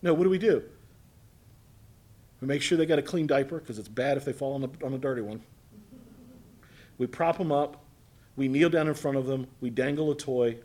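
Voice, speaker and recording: A man preaching a sermon as pastor, earnest, rising to loud emphasis and dropping to soft, close asides. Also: mid-range voice, normal speed, long pauses.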